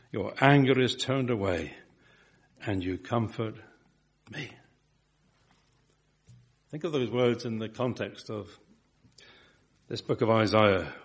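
A man preaching a sermon, slow and emphatic, asking his listeners rhetorical questions. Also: fairly low pitch.

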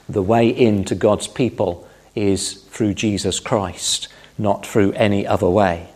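A man with a fairly low voice delivers a Bible-teaching sermon. He explains calmly and leans on key phrases for emphasis. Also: takes it slowly. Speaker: preacher.

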